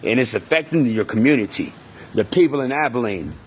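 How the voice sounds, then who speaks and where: A man's voice: mid-range voice, expressive, fairly quick, husky. Heated, rambling Texan man. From Texas. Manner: rambling, profane, heated, repeats himself. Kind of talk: agitated storytelling to viewers.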